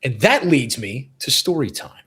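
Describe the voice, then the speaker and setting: A man's voice: medium pitch, sing-song, a little slow, fairly bright tone, breathy edge. A man hosting a podcast in casual conversation, talking earnestly and repeating phrases for emphasis. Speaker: podcast host.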